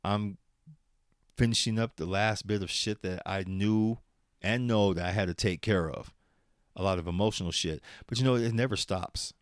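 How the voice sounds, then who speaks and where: A man's voice: on the low side, normal speed, no echo, studio quality. A man hosting his own podcast, rambling in casual solo talk with lots of swearing and laughter, at times turning into a motivational pep talk. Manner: profane, rambling, laughs often. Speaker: podcast host.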